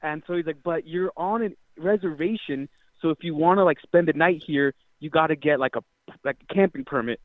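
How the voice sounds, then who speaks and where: A man's voice: on the high side, a little fast, dry recording. Young man telling a tale over a tinny phone line. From Utah, United States. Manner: rambling, swears freely, many fillers. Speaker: caller. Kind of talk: casual storytelling.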